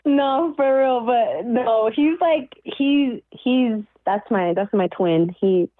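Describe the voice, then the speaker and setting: Young woman caller, kinda high voice, giggles through her story, stumbles over words, dry sound. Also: no echo, narrow, tinny audio. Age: young adult. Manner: giggly, halting, lots of restarts. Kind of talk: casual storytelling on a call.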